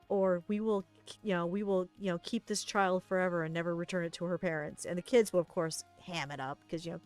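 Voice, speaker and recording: A woman streamer chatting casually, telling stories while she paints and acting out the lines of the people in them. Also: fairly low pitch. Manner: animated, acts out quoted lines.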